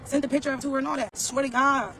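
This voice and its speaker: A man's voice: very high voice, steady tone, quick pace, bright, forceful tone, low-quality recording. A man telling a casual storytime rant to his viewers, blunt, profane and slangy, repeating phrases as he talks. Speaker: vlogger.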